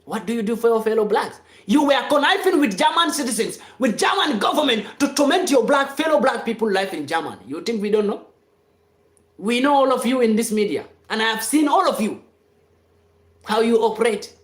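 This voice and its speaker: A live-stream commentator giving an impassioned, off-the-cuff monologue to followers, insistent and repetitive, sometimes rising to shouts. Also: medium pitch, expressive, brisk, reverberant. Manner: fiery and insistent, repeating phrases, rising to shouts.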